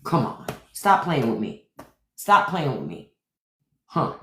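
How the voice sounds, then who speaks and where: Lively man riffing on a livestream. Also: medium pitch, takes it slowly, echoey room, background noise. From Washington, D.C. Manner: animated, profane riffing. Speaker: podcast host. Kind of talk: casual livestream chat.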